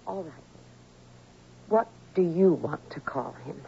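An actress playing a young wife who keeps pressing with questions. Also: female voice, low-pitched, animated, slow, vocal fry, dark tone, breathy edge, full character voice. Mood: probing. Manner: persistent questioning. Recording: slightly dull old radio recording.

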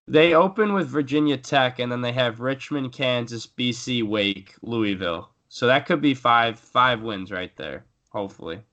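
A man's voice: mid-range voice, moderate pace, few pauses, fairly bright tone, dull audio. A young man co-hosting a casual sports podcast, rambling with fillers and restarts as he previews his team. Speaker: podcast co-host.

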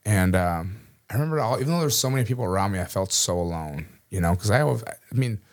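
A man from Minnesota talks through his story in a relaxed, conversational way. His voice sits lowish and he speaks quickly. He keeps chuckling and filling gaps with "you know.". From Minnesota, USA. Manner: casual, chuckles often, many "you know" fillers. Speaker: guest, army veteran. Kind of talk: personal storytelling in an interview.

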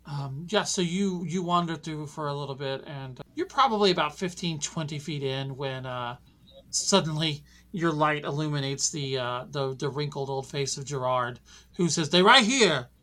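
A woman running a tabletop game as narrator, describing scenes in an eerie, unhurried way. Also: sits low, a bit bright. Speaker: game master.

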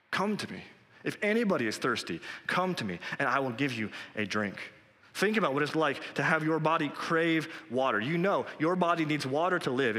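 A man's voice: medium pitch, sharp tone, big-room sound. A male pastor preaching a sermon in an earnest, conversational way, recorded in a church.

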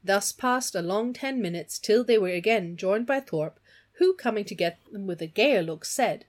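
Expressive woman reading a novel aloud. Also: mid-range voice, moderate pace. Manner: expressive, voices the characters. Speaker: reader of a novel.

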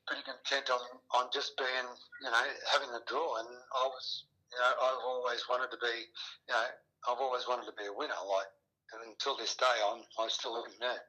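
A man's voice: mid-range voice, flat delivery, moderate pace, pushed and bright, lo-fi sound. A middle-aged man, a retired rugby player, talking casually as an interview guest, rambling with many restarts and fillers. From Australia.

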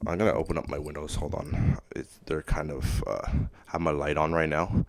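Deep gravelly dude rambling in his room, kinda monotone, lots of ums. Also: moderate pace, no echo. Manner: rambling, many fillers and restarts. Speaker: podcast host. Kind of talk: casual solo monologue. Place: his own room at home.

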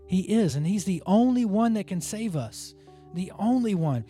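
A man's voice: sits high, animated, normal speed, warm tone, soft background music. A man giving a conversational Bible teaching, earnest and informal, often restarting his sentences as he works through his thoughts aloud.

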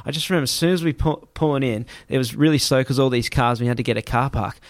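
A man's voice: medium pitch, fast talker, dry recording. Aussie guy telling a wild travel story, swears a lot, does the voices, dry close sound. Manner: animated, swearing, acts out voices. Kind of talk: casual storytelling.

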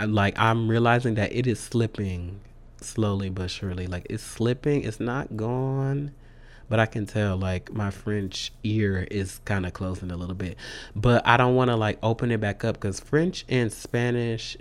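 A man in a casual vlog update, talking excitedly and loosely with many fillers and slang like y'all. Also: lowish voice. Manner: says "y'all" and "sis". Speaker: vlogger.

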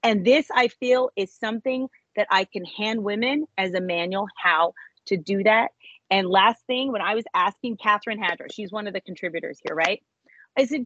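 A woman telling an emotional personal testimony as an interview guest, animated, her voice jumping high when she acts out moments. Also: normal speed, dull audio. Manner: animated storyteller, voice jumps high when reenacting.

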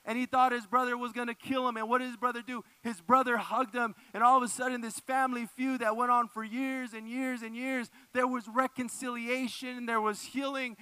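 A man preaching a sermon, emphatic and repeating phrases for effect, often dropping low and soft. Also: level tone, fairly quick, hardly any pauses, clear, resonant tone, no echo. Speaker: pastor.

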